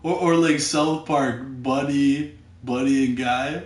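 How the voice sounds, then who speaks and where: A man's voice: mid-range voice, fairly even intonation, slow, background noise. A young Canadian man with a Canadian accent, telling profane, rambling stories in casual chat with lots of stammered restarts. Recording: roomy, distant from the mic.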